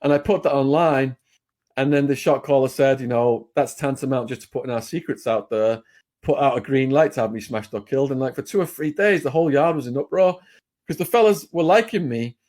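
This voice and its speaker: A man's voice: medium pitch, fairly quick, a little mellow. An English man, a podcast guest, telling a long story in a blunt, plain-spoken way with fillers and restarts. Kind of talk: casual storytelling.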